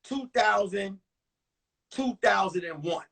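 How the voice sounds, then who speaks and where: A comedian tells a blunt, profane story. His voice is unusually high for a man and husky. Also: expressive, takes it slowly, fairly bright tone. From New York. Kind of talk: stand-up storytelling.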